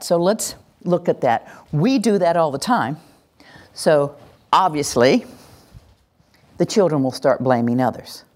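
A middle-aged woman leads a parenting workshop in a fairly low voice. Her pitch swings widely as she acts out what parents and children might say, and she laughs often between points. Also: a little mellow. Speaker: parenting instructor. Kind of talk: teaching a workshop.

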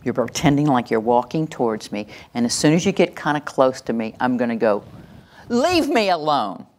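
An older woman with a low voice leads a live teaching session, coaching her listeners through hands-on exercises. She is animated and demonstrative, often acting out the scenes she describes. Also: a little fast. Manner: lively and demonstrative, acts out examples and leads exercises. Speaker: workshop presenter on calming children. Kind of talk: live teaching talk to an audience.

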